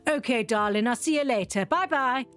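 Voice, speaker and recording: Give me a cheerful, soothing dad calming his little girl on the phone, as a woman puts him on, pitched high. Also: moderate pace, faint music behind, close to an everyday voice.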